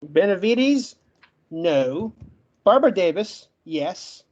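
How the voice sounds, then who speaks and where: A man's voice: high-pitched, sing-song, a little mellow, muffled recording. A man who stutters and gets stuck on words, laying out a closing argument in a podcast debate point by point. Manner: argumentative, lays out points in rapid lists. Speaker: debate guest.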